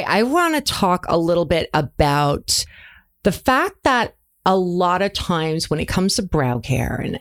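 A woman hosting a podcast, chatty and animated as she asks questions and tells stories. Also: on the low side. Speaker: podcast host. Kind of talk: casual podcast interview.

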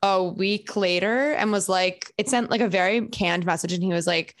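A woman's voice: medium pitch, normal speed. A young woman hosting a podcast, chatting casually and telling emphatic stories with acted-out quotes. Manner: animated storyteller, acts out quotes, emphatic. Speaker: podcast host. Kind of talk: casual chat.

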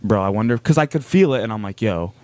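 A man's voice: fairly low pitch, lively intonation, quick pace, darkish tone, no echo. A young man casually telling a long story on a podcast, rambling with lots of fillers. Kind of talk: casual chat.

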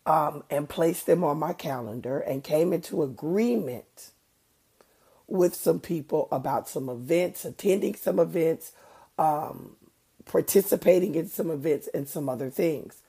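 A woman's voice: low-pitched, mellow, slightly rough. A middle-aged woman hosting a faith podcast, talking earnestly and conversationally with preacher-like emphasis, a bit congested from allergies. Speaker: podcast host. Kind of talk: faith-based podcast monologue.

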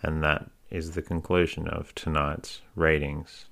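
Very deep slow-reading man. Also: vocal fry. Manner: slow, soothing, even. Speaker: host and reader. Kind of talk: bedtime story reading.

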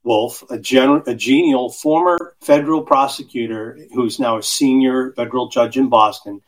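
A man on a podcast panel giving steady, essay-like prepared commentary. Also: medium pitch, normal speed, poor audio.

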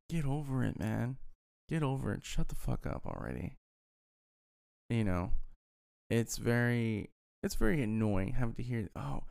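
A man's voice: mid-range voice, animated, normal speed, gravelly, darkish tone, clear, resonant tone. A man in a casual, profane rant as an upset sports fan, talking heatedly and repeating himself. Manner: heated, profane, repetitive ranting.

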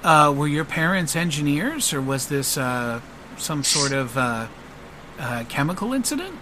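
A man voicing a bubbly, cheerful woman doctor who talks in a high, eager voice. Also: very animated, unhurried, background noise. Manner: chirpy and eager, high-pitched.

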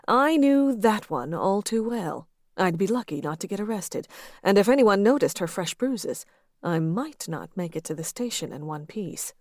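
A woman narrating first-person fiction in an even, intimate reading. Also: mid-range voice, normal speed, dry recording, studio quality. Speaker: audiobook narrator.

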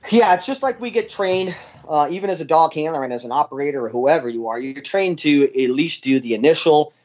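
A man's voice: a little high, lively intonation, brisk, a little mellow, dull audio. A man, a former military dog handler, telling his story in an interview in a casual, blunt way with plenty of fillers and the odd swear.

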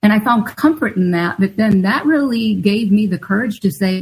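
A woman's voice: medium pitch, moderate pace, darkish tone, husky, poor audio. A middle-aged woman, an author and guest, telling a personal story in an earnest, confessional way. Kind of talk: storytelling interview answer.

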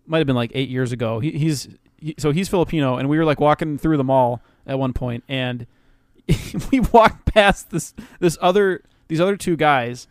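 A man's voice: on the high side, normal speed, no echo, studio quality. A man co-hosting a casual podcast chat, telling stories animatedly and laughing often. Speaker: podcast co-host.

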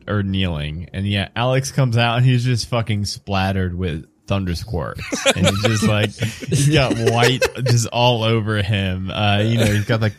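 A man narrating a tabletop game as game master, relaxed and laughing, with many fillers. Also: lowish voice.

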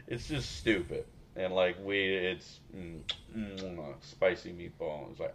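Man, podcast co-host, very low voice, rambling, profane, casual chat. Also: takes it slowly, vocal fry, few pauses. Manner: rambling, profane, laughing often.

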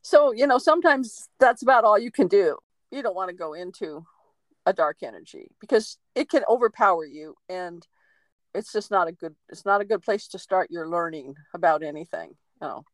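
A woman co-hosting a podcast, a medium telling a story in a lively, chatty way with laughs and acted-out quotes. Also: lowish voice, moderate pace, dry recording, low-quality recording. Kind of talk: casual storytelling chat.

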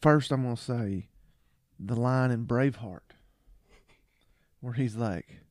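A man co-hosting a podcast in casual chat, animated as he quotes movie lines and laughs along. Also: medium pitch, slow, dry recording, clean studio sound. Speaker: podcast co-host.

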